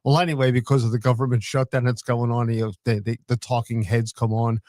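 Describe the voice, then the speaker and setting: A man's voice: medium pitch, flat delivery, fast talker, darkish tone, no room sound. An older man co-hosting a podcast, joking wryly in casual chat. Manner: joking, wry. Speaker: podcast co-host.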